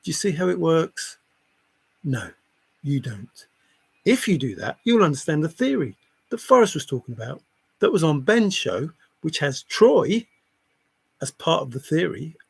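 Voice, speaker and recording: Husky man lecturing with taunting intensity. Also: a little high, big pitch swings, measured pace, long pauses. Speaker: treasure hunt theorist. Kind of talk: lecturing monologue.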